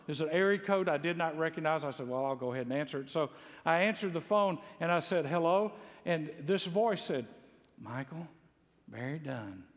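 A man from Mississippi, preaching a sermon in a folksy storytelling way, full of humor and rising to loud exclaims. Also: fairly high pitch, fairly quick. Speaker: pastor. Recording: long echo of a large hall.

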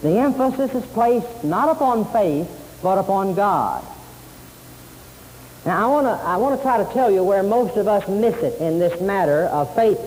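A high-pitched man preaches a sermon with emphatic repetition, quoting scripture line by line. His voice rings through a hall with a long reverb, and a faint tape hiss runs underneath. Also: expressive, moderate pace, a little mellow. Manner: emphatic, repeats key phrases, quotes scripture.

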